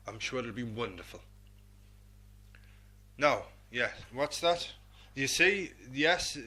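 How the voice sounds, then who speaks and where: A man's voice: a little high, pushed and bright. A man hosting comedic local radio, rambling and self-mocking as he chats to an imagined animal. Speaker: radio host.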